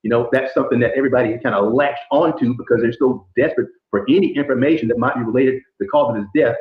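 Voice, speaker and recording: A man, a trial lawyer appearing as a guest, making his case in quick, measured arguments. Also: medium pitch. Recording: dull, roomy remote feed.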